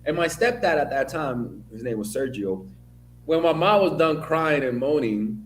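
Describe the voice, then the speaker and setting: Speaking at a normal pace in a medium-pitched voice, a Dominican man gives a blunt, profane commentary monologue for video, spinning animated stories. The echoey, roomy recording carries a little hiss or hum.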